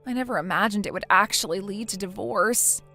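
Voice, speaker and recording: Fairly quick and bright, this medium-pitched synthetic woman's voice has a forceful tone as it voices a naive, self-pitying young wife in a text-message story. She pleads and hesitates while soft music plays in the background.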